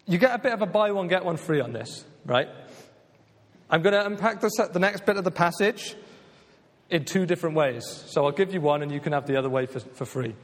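A man's voice: on the high side, a little fast. A man preaching a sermon as a pastor, earnest and emphatic, often asking "right?" to his listeners. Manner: earnest, emphatic, repeats "just maybe" and "right?". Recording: long hall reverb.

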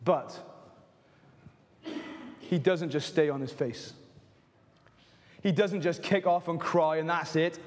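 A man's voice: a little high, unhurried, long pauses. A man, preaching a sermon in a frank, conversational way with jokes and asides. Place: church hall. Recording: reverberant church hall.

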